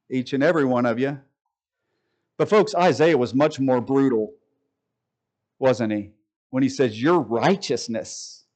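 A man's voice: medium pitch, darkish tone, rough recording. A man preaching a sermon from the pulpit, folksy and joking with the congregation. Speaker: pastor. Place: church sanctuary.

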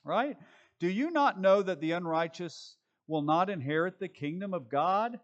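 A man's voice: high voice, expressive, normal speed, highs cut off. A male pastor preaching a sermon from the pulpit, reading scripture aloud and then shifting into loose, conversational asides. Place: church pulpit.

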